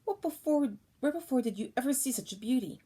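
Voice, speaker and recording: A woman's voice: sits high, animated, brisk, dark tone, breathy edge, voice pushed up. An awestruck young village father speaks earnestly in this storybook reading, as a woman reads him. His lines are delivered plainly and with feeling.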